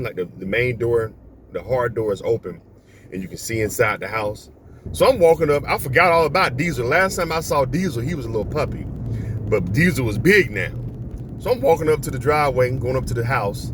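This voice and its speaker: A man from Florida, a vlogger telling a story casually on a phone, animated and acting out voices. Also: a little high. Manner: animated, acts out voices, laughs often. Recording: outdoor street and traffic noise.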